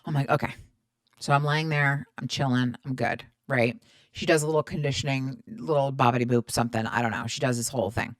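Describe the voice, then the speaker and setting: A woman in her thirties hosts her own podcast, talking low and chatty as she swears freely and acts out both sides of her stories. The sound is dry and close, with no room around it. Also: fairly even intonation, brisk, no echo. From Middle Eastern background. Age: 30s. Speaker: podcast host. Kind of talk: casual storytelling monologue.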